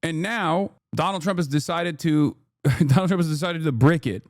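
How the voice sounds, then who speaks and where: Clean studio sound with no room noise carries a slightly high male voice at a moderate pace. In casual live-stream commentary, he reacts to the news with a sarcastic, profane rant full of repeated phrases.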